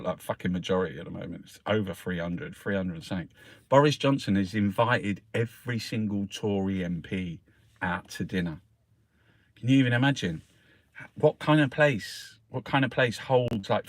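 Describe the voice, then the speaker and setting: A man's voice: medium pitch, dry recording. A man ranting scornfully through a newspaper review, swearing constantly. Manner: sweary, scornful, animated rant. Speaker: political vlogger.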